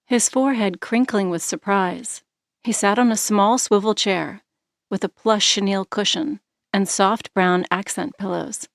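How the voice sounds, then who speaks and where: A woman narrating an audiobook in a steady, measured reading voice. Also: lowish voice, no echo, studio quality. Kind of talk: scripted narration.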